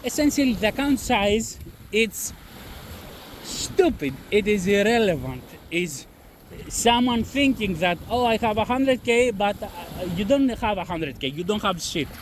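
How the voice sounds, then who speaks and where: Very animated and high, his voice keeps a measured pace. Speaking casually to a camera-less audience, this trading channel host, a non-native English speaker with an accent, is blunt about trading risk, says things more than once and swears while faint wind blows behind him.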